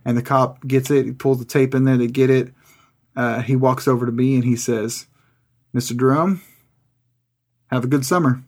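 A man of ordinary pitch tells a story from his school days in a relaxed, profane way. He talks loosely, with friendly filler, as he chats with a fellow host. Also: normal speed, long pauses. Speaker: podcast guest co-host. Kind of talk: casual chat.

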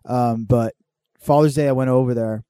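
Mellow-voiced man telling crude stories. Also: medium pitch, steady tone, clear, resonant tone, no echo, clean studio sound. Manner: swearing freely, laughing, quick tangents. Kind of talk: casual storytelling chat.

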